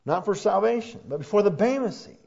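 Male pastor, high voice, preaching with rising fervor; muffled lo-fi sound. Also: animated, fairly quick, creaky. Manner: preaching, building to loud fervent passages. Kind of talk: sermon.

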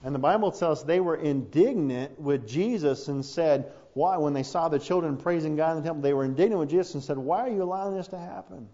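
Male pastor, high voice, preaching with rising fervor; muffled lo-fi sound. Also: a little fast, hardly any pauses. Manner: preaching, building to loud fervent passages. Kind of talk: sermon.

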